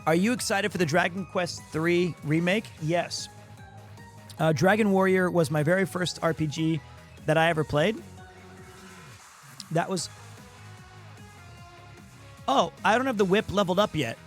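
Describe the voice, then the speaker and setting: A high-pitched male streamer whose voice is hoarse and worn. He rambles excitably in casual chat and pokes fun at himself. Clear game music plays behind him. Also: unhurried, long pauses. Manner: rambling, excitable, self-deprecating. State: hoarse, voice partly lost.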